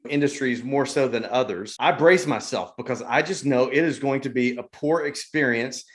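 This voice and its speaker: A man's voice: medium pitch, normal speed. A man from the United States co-hosting a casual business chat, explaining his points steadily. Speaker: podcast co-host.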